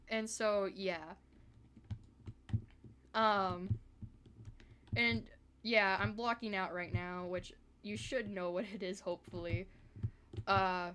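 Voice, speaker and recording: A woman's voice: mid-range voice, a bit bright, a little hiss or hum. A woman from the American South chatting casually on a live stream, rambling with lots of fillers.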